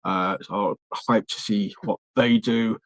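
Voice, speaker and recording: A man's voice: fairly low pitch, steady tone, unhurried, no room sound. A man hosting a podcast in easygoing conversation, chatty and enthusiastic, with plenty of fillers and restarts. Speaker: podcast host. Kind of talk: casual wrestling podcast chat.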